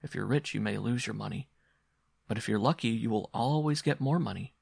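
A man reading a story aloud, voicing a weary mother who speaks in a measured, bitter way. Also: lowish voice, gravelly, a little mellow, breathy edge, no room sound, clean studio sound, heavily acted.

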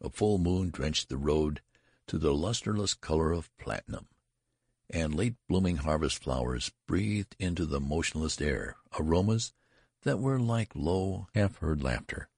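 A man reading a story aloud as a narrator, in a measured and even manner. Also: very deep voice, breathy edge, dry recording, studio quality. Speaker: audiobook narrator. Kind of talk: scripted narration.

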